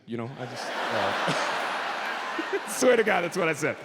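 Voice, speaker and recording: Animated male stand-up comic, gravelly voice. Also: takes it slowly. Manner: animated, swings between low mutters and high shouted outbursts. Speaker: stand-up comedian. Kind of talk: stand-up comedy storytelling. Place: comedy stage in a large hall. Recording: live hall with reverb and faint noise.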